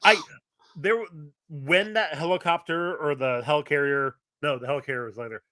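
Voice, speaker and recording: Bright-voiced man, rambling podcast chat. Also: fairly high pitch, normal speed, no echo. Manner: rambling, many restarts and fillers. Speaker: podcast co-host. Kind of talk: casual chat.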